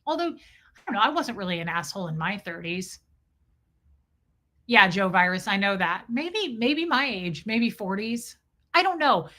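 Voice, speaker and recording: A woman hosts a casual livestream and tells a comic story in an animated, profane way. Her voice is bright and has a clear edge to it. She keeps her pitch in a middle range for a woman. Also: normal speed, pauses often. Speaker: livestream host.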